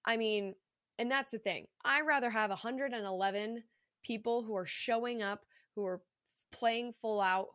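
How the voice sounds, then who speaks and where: A woman's voice: medium pitch, fairly bright tone, dry recording, clean studio sound. A woman hosting a podcast, talking casually and candidly on her own, congested from allergies, with frequent fillers and casual swearing. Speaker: podcast host. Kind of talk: casual solo podcast monologue.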